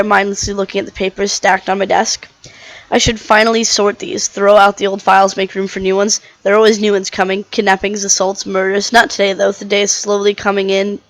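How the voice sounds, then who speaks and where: A woman reads a visual novel aloud in the first person, voicing a weary, cynical male herbivore dinosaur detective. Her narration is plain, with small restarts when she misreads words. Her medium-pitched voice sounds close to everyday speech, with no echo, though the recording is rough.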